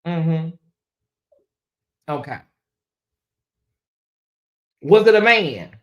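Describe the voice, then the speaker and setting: A woman host talking on her own commentary stream in a loose, casual way. She drops into low murmurs, then rises into loud, emphatic outbursts. She repeats herself often, as if thinking out loud to her viewers. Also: very slow. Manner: animated, repeats questions, swings from muttering to exclaiming.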